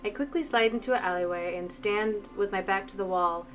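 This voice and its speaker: A woman streamer reading a visual novel aloud, brisk narration with playful asides. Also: mid-range voice. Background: faint game music.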